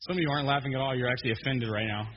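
A man preaching a joking, animated sermon as a pastor, stumbling and restarting often. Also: mid-range voice, racing, slight background noise. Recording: dull muffled sermon recording in a long-echo hall.

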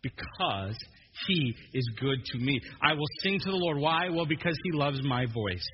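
A man preaching a joking, animated sermon as a pastor, stumbling and restarting often. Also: fairly high pitch, moderate pace, a little hiss or hum. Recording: dull muffled sermon recording in a long-echo hall.

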